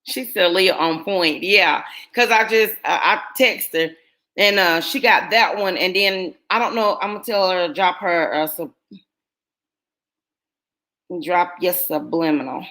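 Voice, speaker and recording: A woman's voice: on the low side, measured pace, sharp tone. A middle-aged woman, chatting casually with viewers on her live stream and telling rambling stories full of fillers. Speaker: YouTuber hosting a live stream.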